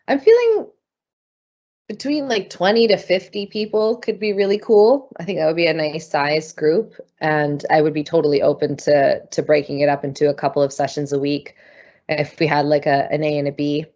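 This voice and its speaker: A woman's voice: sits low, steady tone, fairly quick, darkish tone, muffled recording. A woman speaking as a podcast guest in casual chat, enthusiastic and open, with a spiritual tone. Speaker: podcast guest, voice and singing group leader.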